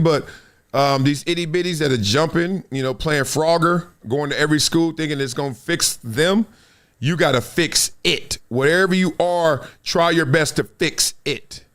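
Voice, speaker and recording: A man's voice: medium pitch, clear, resonant tone. A middle-aged man from Compton hosting a casual sports talk show, telling stories animatedly and reading viewer comments. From Compton, Los Angeles. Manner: animated storytelling, swings between loud and hushed. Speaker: show host.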